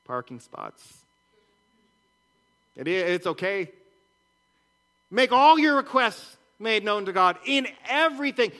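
Bright, high-voiced man preaching a sermon. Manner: earnest preaching with rhetorical questions and repetition. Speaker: pastor.

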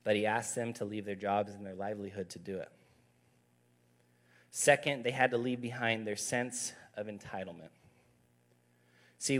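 A man in his thirties, a youth pastor, giving a conversational, emphatic sermon with stories. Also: lowish voice.

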